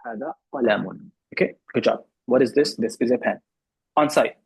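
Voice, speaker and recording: Husky-voiced man teaching a class. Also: medium pitch, rough recording. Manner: patient, repeats Arabic words slowly. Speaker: Arabic teacher. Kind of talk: classroom lesson with online students.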